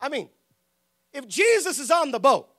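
A man preaching a lively sermon with humor, laughing often, shouting for emphasis and acting out the people in his stories. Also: very high voice, normal speed. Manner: acts out quoted voices.

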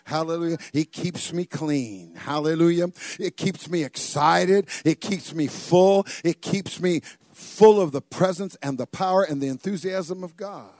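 An older man preaching a sermon, joking and acting out voices, with sudden loud bursts. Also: a little high, a little slow, dry recording. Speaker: pastor.

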